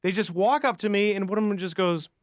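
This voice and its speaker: A man's voice: sits high, fast talker, no room sound, clean studio sound, natural voice. A man voicing a comedian in a cartoon, ranting about petty annoyances in an exasperated stand-up style. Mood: indignant. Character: ranting grumpy adult male comedian. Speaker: comedian patient. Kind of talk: animated stand-up monologue.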